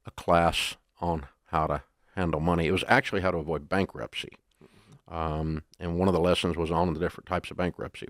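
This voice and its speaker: A deep-voiced man tells folksy, animated stories as an interview guest. His voice sounds dry and close, with no room echo. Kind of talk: casual interview storytelling.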